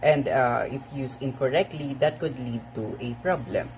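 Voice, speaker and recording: A student giving a class presentation, halting and full of "uh" fillers. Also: medium pitch, darkish tone, a little hiss or hum, rough recording.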